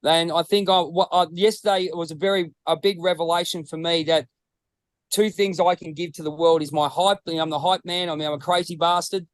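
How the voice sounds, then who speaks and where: A man's voice: fairly high pitch, steady tone, brisk, no room sound, rough recording. An Australian man chatting casually on a podcast, rambling and swearing freely. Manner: rambling, swearing, restarts often. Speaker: podcast co-host. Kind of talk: casual chat.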